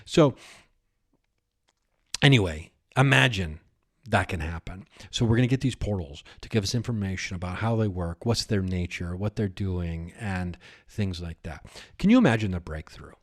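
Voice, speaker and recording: At a normal speed, a man with a low-pitched voice and lively intonation hosts a podcast. He rambles through an improvised comic monologue, frequently giggling and talking to characters he makes up.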